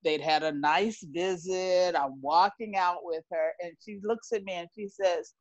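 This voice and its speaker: A woman's voice: fairly low pitch, steady tone, unhurried, hardly any pauses, dry recording, lo-fi sound. A woman in her sixties, speaking on a discussion panel and telling a personal story candidly and with feeling. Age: 60s.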